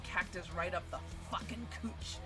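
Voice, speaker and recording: A woman in her twenties streaming, telling a story in a casual, animated and profane way. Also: on the low side, normal speed. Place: home streaming setup. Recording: stream audio with music underneath. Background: background music.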